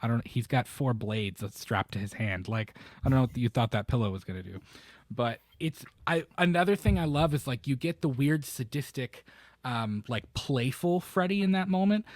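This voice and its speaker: Male co-host in casual movie talk; lively storyteller who jumps into character voices, medium pitch, dry recording. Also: moderate pace, no room sound. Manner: animated, acts out quoted lines with sudden high or low voices. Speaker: podcast co-host. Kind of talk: casual chat about a film.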